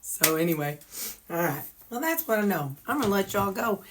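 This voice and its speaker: A middle-aged woman with a drawl talks to her viewers as she cooks, chatty and folksy with a teasing edge. Her voice sits at an ordinary middle pitch. It bounces around an echoey home kitchen. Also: sing-song, brisk, a little hiss or hum. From Missouri. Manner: chatty, folksy, teasing, sings snatches to herself. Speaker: vlogger. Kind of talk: casual chat to camera.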